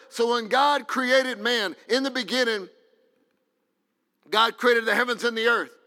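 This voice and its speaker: Fervent high-voiced preacher in a reverberant hall. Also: male voice, fairly even intonation, unhurried, long pauses. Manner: fervent preaching, rising to shouts. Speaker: pastor. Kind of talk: sermon.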